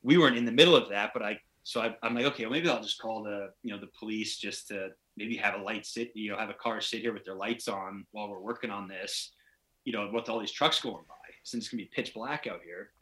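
A man's voice: on the low side, fast, a bit bright. A man telling a long, rambling story in a casual podcast chat, acting out the voices of the people he quotes. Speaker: podcast guest, pro hockey player.

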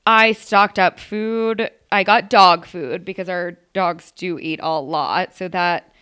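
A young adult woman in casual chat, talking in quick asides and laughing often. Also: lowish voice, steady tone, fairly bright tone, clean tone.

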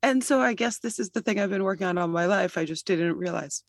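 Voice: medium pitch, quick pace, creaky, no echo. An interview guest and app founder who speaks articulately and explains at length, with some fillers. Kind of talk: interview answers.

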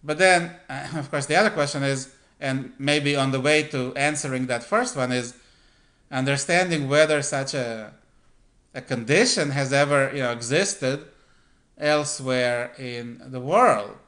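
A man hosting a political commentary monologue, speaking deliberately with frequent pauses, fillers and throat-clearing. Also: mid-range voice, a bit bright.

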